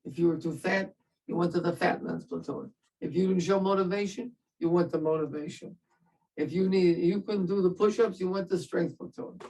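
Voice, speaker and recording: A man's voice: high voice, fairly even intonation, moderate pace, a little mellow, distant mic, low-quality recording. An older man, a veteran, telling his story in an interview in a wry, self-mocking way and laughing at himself.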